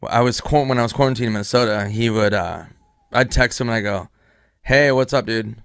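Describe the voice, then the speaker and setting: A male comedian tells a loose, rambling personal story full of swearing. His voice is of medium pitch. The sound is dry and close to the mic. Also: fast talker, clean tone, no room sound. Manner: loose, profane anecdote telling with voices for others. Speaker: comedian guest. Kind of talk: casual storytelling.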